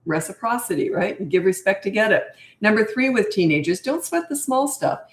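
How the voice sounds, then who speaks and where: A woman's voice: medium pitch, animated, fairly quick, echoey room, rough recording. A woman parenting coach answering viewer questions on a live stream, blunt and firm, repeating her points. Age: older. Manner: blunt, firm, repetitive phrasing.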